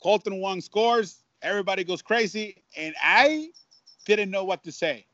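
Man, broadcaster telling stories in an interview, animated with restarts; dull lo-fi sound. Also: high voice, moderate pace, no room sound. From Mexico. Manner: animated storyteller, many restarts and repeats. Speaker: Spanish-language baseball broadcaster. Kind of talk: casual storytelling interview.

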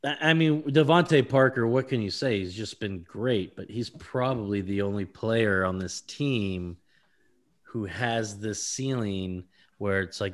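Rambling, laughing male sports podcaster. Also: on the low side. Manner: fast, rambling analysis with laughs and stumbles over names. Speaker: podcast co-host. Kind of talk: casual sports chat.

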